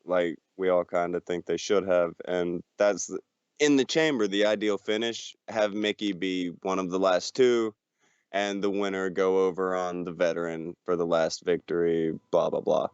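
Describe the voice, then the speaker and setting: Male co-host, low voice, wry and teasing, dry dull recording. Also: fairly even intonation, moderate pace, clean tone, no echo. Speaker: podcast co-host. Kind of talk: casual podcast chat.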